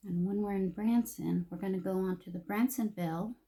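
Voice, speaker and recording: A woman's voice: mid-range voice, fairly even intonation, a little fast, warm tone. An older woman chatting while getting ready, emotional and confiding, sometimes dropping to a whisper. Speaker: vlogger.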